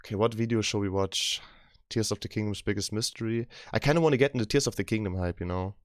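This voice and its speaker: Low-voiced laid-back male streamer. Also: fast talker, dry recording, clean studio sound. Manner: keeps voice down, chill and chatty. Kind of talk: casual live-stream chat.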